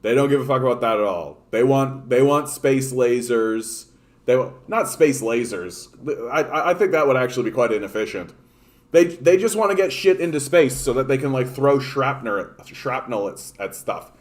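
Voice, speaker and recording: Male livestream host from Canada, mid-pitched, rambling sarcastic rant full of swearing and false starts. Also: moderate pace. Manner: profane, rambling, sarcastic, many restarts. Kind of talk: casual ranting livestream chat.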